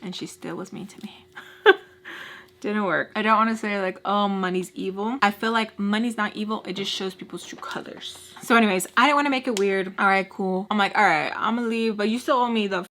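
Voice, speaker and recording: A woman's voice: mid-range voice, a little fast. Chatty woman telling a storytime. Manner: chatty, animated, heavy use of "like". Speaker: beauty vlogger. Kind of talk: storytime while doing makeup.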